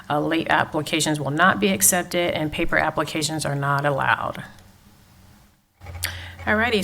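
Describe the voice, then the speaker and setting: Texan woman, workshop presenter: casual reminders, low and gravelly. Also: a bit bright, a little hiss or hum. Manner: casual and reminding, handing off to a colleague. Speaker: grants staff presenter.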